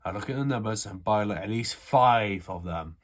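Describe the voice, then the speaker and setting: A man's voice: fairly low pitch, moderate pace. A man from the UK giving a rambling, sweary, offhand how-to walkthrough of a gun repair. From United Kingdom. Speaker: airsoft hobbyist showing a repair. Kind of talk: casual how-to chat.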